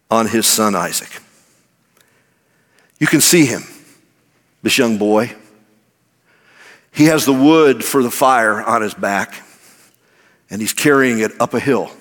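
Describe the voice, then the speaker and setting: A man preaching a sermon as pastor, slow and emphatic, his voice dropping low and rising high for effect. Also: big-room sound. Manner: slow, emphatic preaching with dramatic drops and climbs in pitch.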